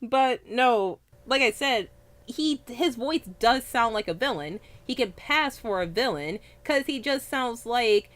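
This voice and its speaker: Woman co-host, casual anime chat, higher-pitched, profane, stumbles on names. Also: lively intonation, unhurried, a bit bright. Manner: chatty, swears freely, trips over names.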